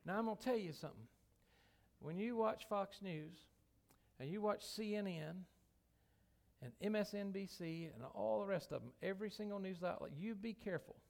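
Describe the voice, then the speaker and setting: A man's voice: sits high, normal speed, vocal fry, darkish tone. A man, a pastor, preaching a sermon in church in a folksy, emphatic way with many restarts. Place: church sanctuary.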